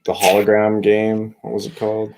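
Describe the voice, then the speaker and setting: A man's voice: fairly low pitch, monotone, normal speed, noisy background. A man co-hosting a casual movie chat, laid-back with short remarks. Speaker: podcast co-host.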